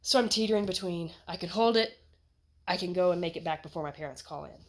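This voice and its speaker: A young American woman telling a personal story in a chatty, animated way, laughing as she goes. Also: on the low side, quick pace. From United States. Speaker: vlogger. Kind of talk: casual storytelling.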